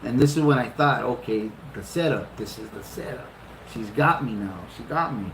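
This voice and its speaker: A middle-aged man casually telling a long, funny story, swearing freely and jumping up in pitch for retold lines. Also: normal speed, background noise. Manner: animated, profane, laughing often, jumps into high-pitched retellings. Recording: roomy echo.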